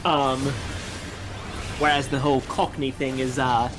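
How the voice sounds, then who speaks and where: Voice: mid-range voice, little pitch movement, a little slow, over music. A game streamer chatting casually and explaining things while playing, with chatty asides. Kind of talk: casual let's-play commentary.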